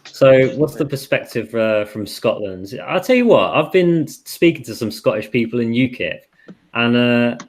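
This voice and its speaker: A man's voice: medium pitch, expressive, normal speed. An English man hosting a podcast, talking casually with lots of fillers and frequent laughs. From England. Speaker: podcast host. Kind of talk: casual chat.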